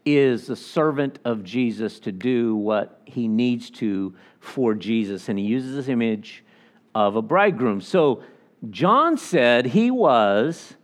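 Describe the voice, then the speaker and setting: Animated male pastor preaching. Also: mid-range voice, slow. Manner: animated, acts out quoted voices. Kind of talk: sermon.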